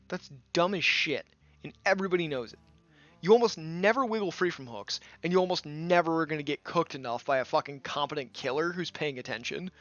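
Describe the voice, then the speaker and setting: A man's voice: a little high, animated, quick pace, fairly bright tone, dry recording, highs cut off. A man ranting angrily in a gaming commentary video, blunt and full of profanity.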